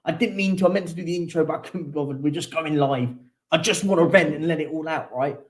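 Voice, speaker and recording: A man's voice: fairly high pitch, quick pace. A young man hosting a live football reaction show, venting his frustration in a repetitive, emphatic rant. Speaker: football fan channel host.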